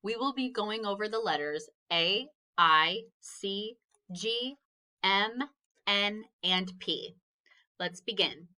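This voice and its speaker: A woman's voice: medium pitch, slow pace, pushed and bright. A woman teaching a phonics lesson to children, patiently sounding out each letter and praising answers.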